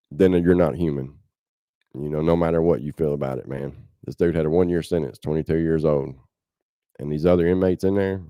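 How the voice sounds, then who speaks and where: A low, dark-toned man with a Southern American drawl speaks bluntly and with passion as a podcast host. His voice sits dry and close, with no room sound. He talks casually, as if he were on a livestream. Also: no room sound. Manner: impassioned, blunt, keeps saying "man".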